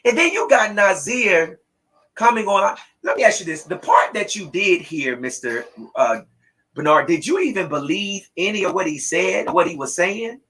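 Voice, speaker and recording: A woman hosting a live talk show, speaking with fiery anger and preaching hard at the people she blames, often rising to a shout. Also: on the low side, very animated, moderate pace, husky, low-quality recording. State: angry. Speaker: host.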